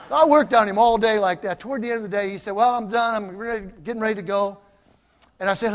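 An older man preaching a sermon, telling stories with lively swings from loud exclamations to quiet asides. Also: high-pitched, fast. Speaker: pastor. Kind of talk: sermon with storytelling. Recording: long hall reverb.

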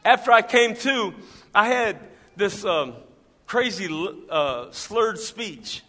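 A man preaching a sermon and telling his own story, swinging from loud climbs down to quiet storytelling. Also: high voice, sing-song, slow pace. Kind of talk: sermon testimony. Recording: hall reverb.

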